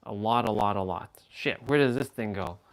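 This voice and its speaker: A man's voice: lowish voice, normal speed, very noisy. A man hosting a live stream, rambling casually and playfully as he chats with his viewers. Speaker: livestream host.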